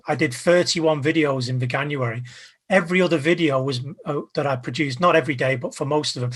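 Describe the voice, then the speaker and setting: A man being interviewed as a guest, giving casual advice with an energetic, emphatic coaching tone. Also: fairly high pitch, husky. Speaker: guest, video creator.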